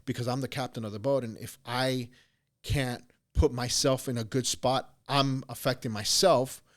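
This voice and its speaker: A middle-aged man, a podcast host, telling a story in a casual, animated way, often restarting words. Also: medium pitch, normal speed. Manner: animated, repeats and restarts words, acts out voices when quoting.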